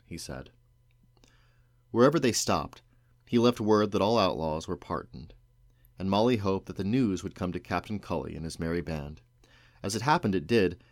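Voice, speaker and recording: Low-voiced dad reading a storybook to his kids, dry close sound. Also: no room sound. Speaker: parent reading aloud. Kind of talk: reading a novel aloud.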